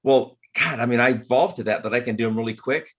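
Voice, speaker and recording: A man's voice: mid-range voice, fast, fairly bright tone. A man telling chatty personal stories in a casual group conversation, often laughing as he talks. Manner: chatty, laughs through anecdotes. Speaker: photographer and martial artist. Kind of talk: casual storytelling in group chat.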